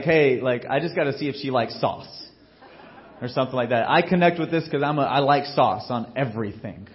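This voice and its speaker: A man preaching a sermon as pastor, telling a story in a casual, joking way and acting out what people say, getting loud and then dropping low. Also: highs cut off. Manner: animated storytelling, acts out quotes with big swings in loudness.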